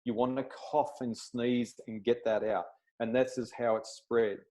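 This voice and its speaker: A man's voice: medium pitch, little pitch movement, a little slow, darkish tone, low-quality recording. A man, a chiropractor, giving a plain-spoken explanatory talk over a video call and checking in with his listeners.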